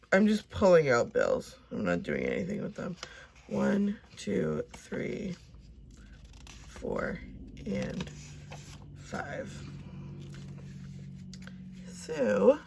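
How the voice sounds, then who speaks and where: A young woman chatting casually as she counts and sorts cash, talking to herself now and then and dropping into soft whispers. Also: on the low side, creaky, noisy background. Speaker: budgeting vlogger.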